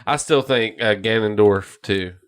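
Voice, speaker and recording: A man's voice: lowish voice, unhurried, clean tone. A man co-hosting a gaming podcast, riffing crude jokes and laughing often between lines. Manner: laughs often, riffs profanely. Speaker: podcast co-host. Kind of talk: crude joking banter.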